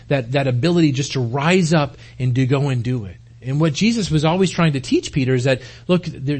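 A man's voice: medium pitch, a little mellow, husky. A man preaching a sermon in an earnest way, often repeating words as he starts a phrase. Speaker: pastor.

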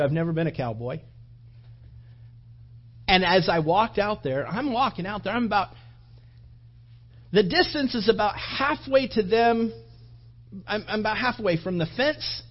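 A man preaching a sermon, telling a personal story in an animated way and acting out his own thoughts. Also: high voice, highs cut off. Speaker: pastor.

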